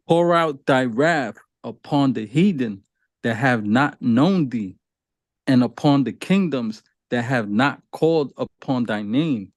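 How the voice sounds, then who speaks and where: Man reading scripture slowly. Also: medium pitch, expressive, no room sound. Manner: slow and formal when reading. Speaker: scripture reader.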